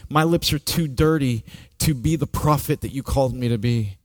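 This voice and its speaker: A man preaching a sermon, slow and dramatic, sliding between hushed, near-whispered passages and raised, ringing peaks. His voice sits at an ordinary middle pitch. The recording is dry and close, with almost no room sound. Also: no echo. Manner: slow, dramatic preaching that swings from soft to loud. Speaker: pastor.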